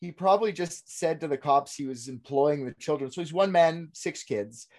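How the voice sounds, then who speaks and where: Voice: mid-range voice, normal speed, darkish tone. A podcast co-host bantering casually, with crude jokes tossed into the conversation. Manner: joking, crude interjections.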